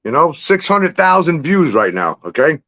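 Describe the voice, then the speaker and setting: His voice is fairly high and his pace moderate, with the highs cut off in the audio. The livestream guest spins animated street stories in casual chat, swearing freely and laughing along the way.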